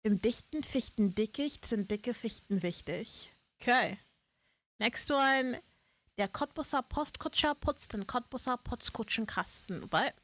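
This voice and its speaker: A woman's voice: fairly high pitch, lively intonation, measured pace, a bit bright. A woman streamer chatting casually on a live stream, swearing freely and laughing at her own slips.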